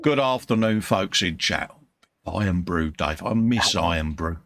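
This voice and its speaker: A man's voice: low-pitched, expressive, unhurried, fairly bright tone. A man from the UK co-hosting a live stream, reading out chat messages in a chummy way and calling everyone mate. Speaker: co-host of a live model-building stream.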